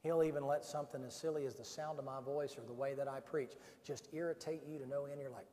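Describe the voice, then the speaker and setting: Impassioned pastor in an echoing hall. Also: male voice, medium pitch, steady tone, fast, hardly any pauses. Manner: impassioned preaching, pleading and urging. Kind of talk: camp-meeting sermon and altar call. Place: large revival meeting hall. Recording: echoey hall with piano behind. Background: piano playing softly.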